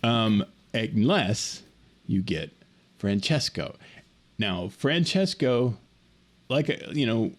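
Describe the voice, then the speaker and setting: Animated man telling a funny story. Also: lowish voice, takes it slowly, pauses often. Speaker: podcast co-host. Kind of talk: casual chat, storytelling. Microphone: remote call.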